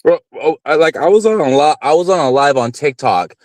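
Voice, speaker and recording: A male co-host talks loosely and curses freely in casual podcast chat. His voice sits a bit above the usual male pitch, and the sound is dry and close. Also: expressive, a little fast, darkish tone, no room sound. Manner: loose, profane storytelling.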